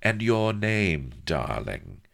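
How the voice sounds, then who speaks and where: A man's voice: rumbling low, sing-song, slow pace, vocal fry, exaggerated voice. A man voicing a plump, domineering, flirtatious noblewoman who talks in a teasing, commanding drawl.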